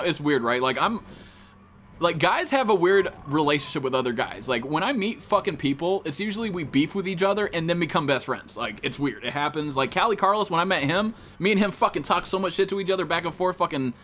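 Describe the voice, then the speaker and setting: Excitable, foul-mouthed streamer man, higher voice. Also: slight background noise. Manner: profane, excitable, greets viewers by name. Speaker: game streamer. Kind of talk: casual live-stream chat with viewers.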